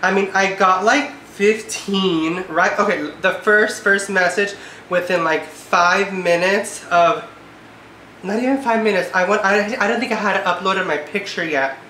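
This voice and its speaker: A woman in her twenties talks through a casual vlog, her words full of "like" and a note of exasperation. Her voice has a bright, sharp edge. The recording has a roomy echo. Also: mid-range voice, unhurried, a little hiss or hum. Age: 20s. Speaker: vlogger. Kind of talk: casual chat. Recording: echoey room.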